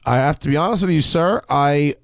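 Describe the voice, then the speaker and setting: A man's voice: a little high, brisk, gravelly, dry recording, clean studio sound. A man hosting a podcast in casual chat, joking and swearing freely. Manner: profane, animated and joking. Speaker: podcast host.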